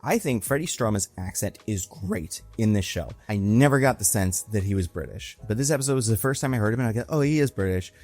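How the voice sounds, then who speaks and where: A man's voice: on the low side, expressive, fast talker, few pauses, darkish tone. A young man giving a casual, conversational breakdown of a TV episode, slipping into exaggerated voices when he quotes characters. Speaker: online film and TV commentator.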